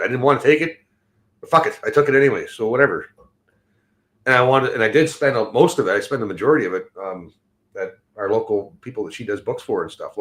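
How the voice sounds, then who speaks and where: A Canadian man with a fairly low voice hosts a livestream show and vents about current events. He swears constantly, talks in a heated, mocking way, and breaks off to read comments from the chat. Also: a bit bright. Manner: heated, swearing often, mocks others in quoted voices. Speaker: podcast host. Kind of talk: profane livestream rant, reading chat.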